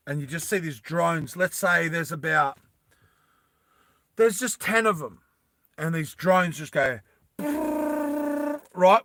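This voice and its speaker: A man's voice: fairly high pitch, no echo. A man casually telling a movie story to his live chat, rambling with frequent restarts. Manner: rambling, animated, many restarts. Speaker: streamer pitching a film story.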